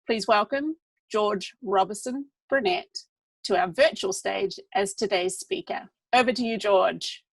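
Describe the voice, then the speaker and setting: A woman's voice: mid-range voice, unhurried, dry recording, low-quality recording. A woman with a New Zealand accent, playfully introducing a guest speaker. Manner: playful, upbeat.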